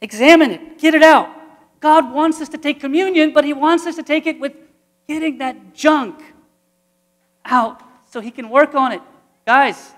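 A man's voice: very high-pitched, fairly bright tone, long reverb tail. A man, a priest, preaching an earnest, conversational sermon full of repetition.

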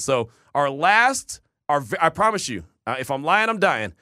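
Male radio host, bright and animated, lively pitch, dry close mic. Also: moderate pace, no echo. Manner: animated storyteller, shouts quoted voices. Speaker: radio sports show host. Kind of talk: casual sports talk radio chat.

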